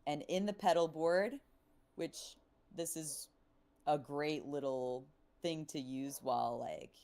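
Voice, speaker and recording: A woman's voice: deep voice, takes it slowly, a little mellow. A woman producer casually explaining how she mixes a vocal, talking with lots of fillers. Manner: chatty, explains with fillers, calls out numbers. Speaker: music producer teaching mixing. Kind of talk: casual studio tutorial.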